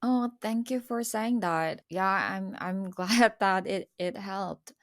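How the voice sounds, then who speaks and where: A woman's voice: mid-range voice, takes it slowly. Young woman from South Korea, earnest, emotional, repeats for emphasis, guest on a chat show. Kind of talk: personal conversation about history.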